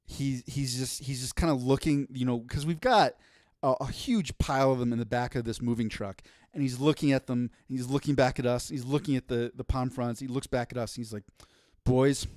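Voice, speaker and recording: A man's voice: mid-range voice, fairly quick, dry recording, studio quality. A man, telling a story on a podcast with lots of restarts and laughter. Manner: animated, laughing, stammering restarts. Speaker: podcast co-host. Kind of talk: casual storytelling chat.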